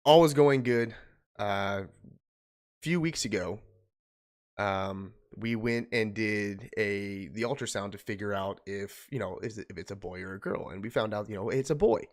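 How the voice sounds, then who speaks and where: A young man streaming from home, telling an emotional personal story in a halting way, holding back tears. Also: fairly low pitch. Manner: halting, restarting, choked up.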